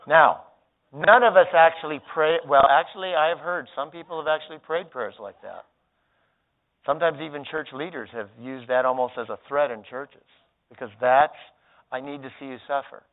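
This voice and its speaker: A man who is a pastor, teaching a seminar in front of an audience and acting out quoted thoughts, swinging from loud outbursts to hushed words. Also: a little high, moderate pace. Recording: tinny phone-like sound.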